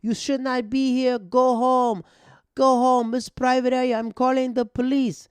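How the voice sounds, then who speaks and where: A man voicing a drunk, belligerent older woman heckler who yells in a shrill, aggressive way. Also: little pitch movement, unhurried, clear, resonant tone, no room sound. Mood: shrill scolding.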